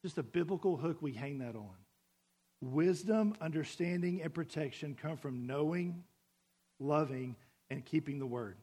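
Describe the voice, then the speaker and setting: A man's voice: fairly high pitch, lively intonation, measured pace, warm tone, breathy edge. A man preaching a sermon to a congregation in a church, conversational and full of questions to the room. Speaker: pastor.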